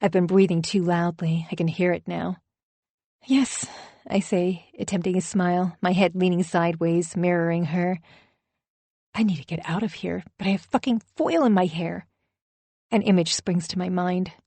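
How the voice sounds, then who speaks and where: Low-voiced woman narrating an audiobook. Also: fairly even intonation, moderate pace, dark tone, no room sound. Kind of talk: first-person audiobook narration.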